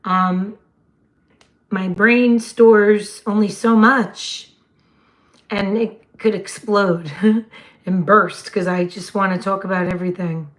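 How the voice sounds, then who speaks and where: A woman, hosting a casual livestream chat in a slightly hoarse voice and laughing often. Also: mid-range voice, steady tone, takes it slowly, pauses often. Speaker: livestream host.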